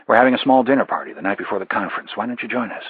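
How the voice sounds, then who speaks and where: A man's voice: lowish voice, rapid-fire, slightly rough, dry recording, phone-quality sound. A man voicing a sardonic male intelligence officer with a dry, understated wit. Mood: wry.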